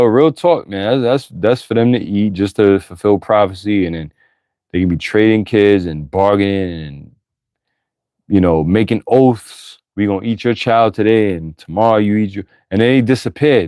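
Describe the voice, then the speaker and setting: A man's voice: fairly low pitch, moderate pace, mellow, no room sound. A man reading scripture aloud and breaking off into blunt, profane, emphatic commentary, with bursts of laughter. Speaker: Bible teacher.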